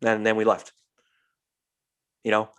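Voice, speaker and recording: Animated swearing man telling a story. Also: on the low side, takes it slowly, clear, resonant tone. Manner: animated storyteller, swears freely, acts out quotes. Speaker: podcast host. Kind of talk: casual storytelling chat.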